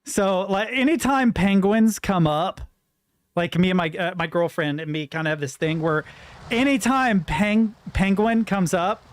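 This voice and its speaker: A man's voice: high-pitched, measured pace, no echo. A man streaming a game, commenting casually in a rambling, joking way and laughing often. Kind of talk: casual let's-play commentary.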